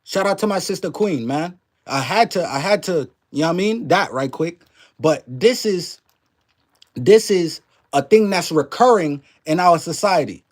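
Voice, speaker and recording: High voiced guy ranting on his stream, preachy, lots of slang and cussing. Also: lively intonation, moderate pace. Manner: preachy and emphatic, heavy slang and profanity, rhetorical questions. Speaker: livestream commentary host. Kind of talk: casual ranting commentary to a live chat.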